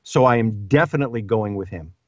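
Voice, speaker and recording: A man's voice: on the low side, a little fast, no echo. A man, an audiobook narrator guest on a podcast, talking in a thoughtful, good-humored way and playing along with the jokes. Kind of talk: casual conversation. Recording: dry, slightly muffled remote audio.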